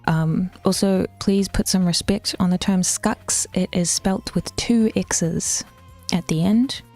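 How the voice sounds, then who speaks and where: A woman's voice: fairly low pitch, takes it slowly, darkish tone, faint music behind. Chatty, swearing New woman streamer. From New Zealand. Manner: chatty, swears often, drops into whispers, laughs a lot. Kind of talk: casual live-stream chat.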